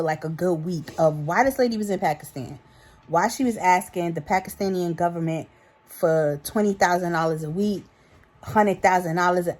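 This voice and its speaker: Chatty New York woman in her thirties. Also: lowish voice. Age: 30s. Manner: chatty and animated, addresses viewers as y'all. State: a little tipsy. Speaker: vlogger. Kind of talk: casual chat to camera.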